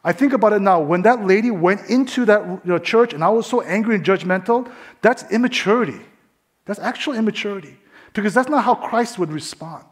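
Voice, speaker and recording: A male preacher with a fairly high voice tells a story from the pulpit. He acts out each person in it and often sinks into soft, hushed delivery for the tender moments. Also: fairly quick. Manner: animated storyteller, acts out quoted voices, drops to hushed tones. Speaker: pastor. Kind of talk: sermon with storytelling.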